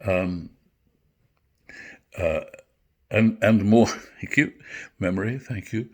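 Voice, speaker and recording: An older man giving a literature lecture, reflective and halting, often correcting himself. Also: on the low side. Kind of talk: literature lecture with recited verse.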